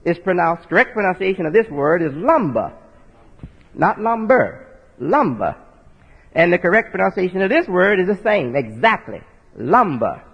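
High husky man preaching in a reverberant hall. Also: lively intonation, quick pace, hardly any pauses. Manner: folksy, rhetorical asides ending with "right?"; spells out words letter by letter. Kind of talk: sermon-style teaching with a board. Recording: dull lo-fi audio with long hall reverb.

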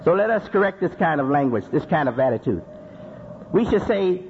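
A man's voice: on the high side, big pitch swings, fairly quick. A man preaching a sermon, repeating phrases for emphasis and asking rhetorical questions. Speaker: Muslim preacher. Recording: dull lo-fi recording with faint noise.

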